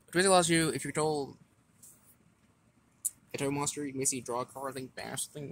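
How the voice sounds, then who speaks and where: A man casually walking through his card game deck, reading effects aloud in a halting way with stumbles and restarts. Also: mid-range voice, slight background noise.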